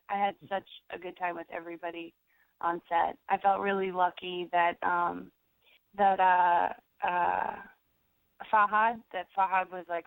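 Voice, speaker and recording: Young woman, actress, gravelly voice, rambly with fillers, dry tinny phone-like sound. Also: fairly low pitch, dry recording. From United States. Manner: rambling, many fillers and restarts. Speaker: actress, interview guest. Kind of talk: casual interview chat.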